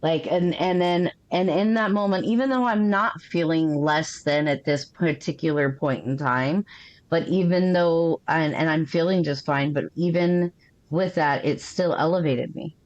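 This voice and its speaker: A woman's voice: deep voice, unhurried, darkish tone, lo-fi sound. A middle-aged woman co-hosting a podcast, speaking earnestly with rambling restarts. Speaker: podcast co-host. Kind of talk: casual interview talk.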